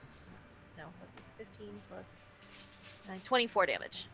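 Bright-voiced woman player. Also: medium pitch, animated, moderate pace, vocal fry. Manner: laughs often, casual. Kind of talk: casual tabletop play.

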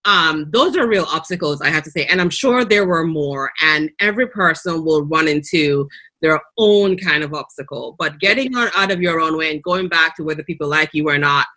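A woman's voice: low-pitched, moderate pace, pushed and bright. Encouraging Jamaican woman host. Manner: encouraging, coaching, often ends with "right?". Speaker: host, coach. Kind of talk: casual interview chat.

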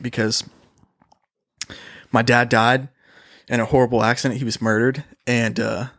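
A man's voice: mid-range voice, level tone, normal speed, a bit bright. Slangy young man telling a story. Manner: slangy, swears a lot, says "dude" often. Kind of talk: casual storytelling chat.

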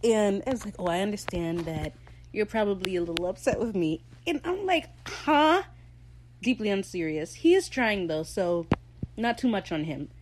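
A woman hosting a casual solo recap, talking in an animated, gossipy way and quoting characters in little voices. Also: mid-range voice, moderate pace, a little hiss or hum, low-quality recording. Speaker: podcast host recapping a TV episode.

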